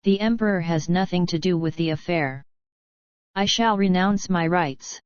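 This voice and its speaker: A woman reading the lines of an earnest male prince, the young prince's uncle, in an audiobook, speaking stiffly and quietly. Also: lowish voice, normal speed, smooth, dry recording, dull audio, lightly acted. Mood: determined.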